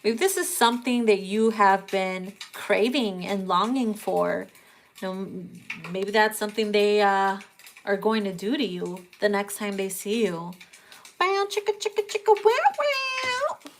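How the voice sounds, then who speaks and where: A woman's voice: mid-range voice, fairly even intonation, measured pace, a little hiss or hum. A woman giving a casual, crude, joking tarot reading, often breaking into laughter. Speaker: tarot reader.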